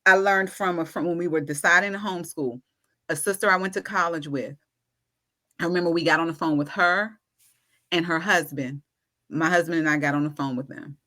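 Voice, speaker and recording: A woman's voice: on the low side, brisk, pushed and bright. A woman guest, an educator, talking casually and emphatically in a podcast conversation. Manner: emphatic and persuasive.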